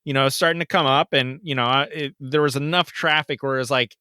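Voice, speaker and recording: A man in his thirties co-hosting a podcast, telling a story in casual chat, animated and swearing often, jumping into loud, high voices when he quotes people. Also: brisk, clear, resonant tone, no room sound, studio quality. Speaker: podcast co-host.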